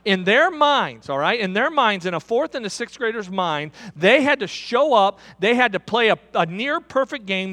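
A middle-aged male pastor delivers a sermon in a high, bright voice with a sharp edge. He tells stories to the congregation, speaks to them directly, and often builds into loud, high-pitched preaching. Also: big-room sound. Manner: storytelling with direct appeals to listeners.

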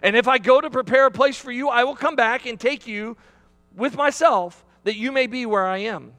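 High-voiced preacher in a reverberant hall. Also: male voice, moderate pace, sharp tone, faint music behind. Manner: emphatic preaching with repetitions and restarts. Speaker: pastor. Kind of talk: sermon.

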